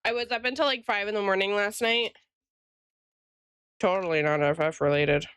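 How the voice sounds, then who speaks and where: Chatty woman streamer, smooth voice. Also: medium pitch, normal speed, a bit bright, no room sound. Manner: chatty, rambling, greets chat by name. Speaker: freelance illustrator and streamer. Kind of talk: casual chat with live-stream viewers.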